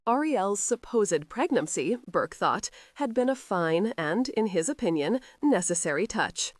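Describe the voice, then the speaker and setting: A woman narrating a romance audiobook in a measured storytelling manner. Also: mid-range voice, animated, no echo, clean studio sound. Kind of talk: scripted narration.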